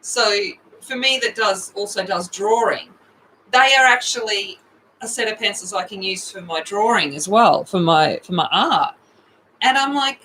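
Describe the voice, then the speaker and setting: Australian woman, livestream host, unhurried rambling chat, bright tone. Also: mid-range voice, a little hiss or hum, rough recording. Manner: chatty, rambling, with excited outbursts.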